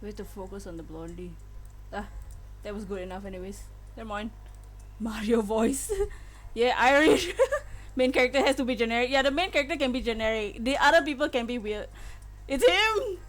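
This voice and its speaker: This streamer is a fast-talking woman whose voice sits on the high side. While playing a game, she chats casually with viewers and giggles often, with game music faint in the background.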